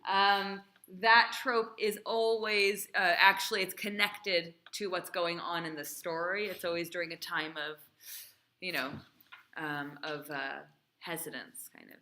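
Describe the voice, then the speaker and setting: A woman's voice: fairly low pitch, flat delivery, a little slow, bright, forceful tone, a little hiss or hum. A female cantor teaching a class, quizzing and encouraging her students in a chatty way.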